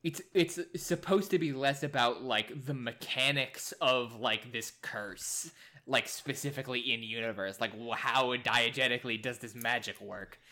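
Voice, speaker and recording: A man in casual conversation, giving opinions on films in quick bursts full of "like". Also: mid-range voice, pushed and bright. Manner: opinionated, talks in quick bursts with many likes. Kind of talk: casual film discussion.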